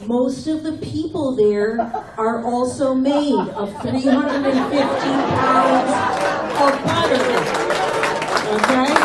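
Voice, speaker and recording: A middle-aged woman works a comedy club crowd with brash, teasing banter. Her voice sits a little high. She is caught from a distance in an echoey room with loud crowd laughter around her. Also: noisy background. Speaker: stand-up comedian. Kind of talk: stand-up set with crowd work. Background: audience laughter.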